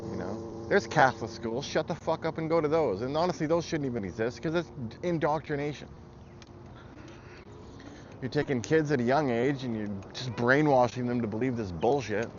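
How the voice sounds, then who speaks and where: The recording is muffled, and loud traffic noise runs under it as a man vlogs an angry political rant. He's blunt, heated, and swears plenty, speaking at normal speed in a medium-pitched voice.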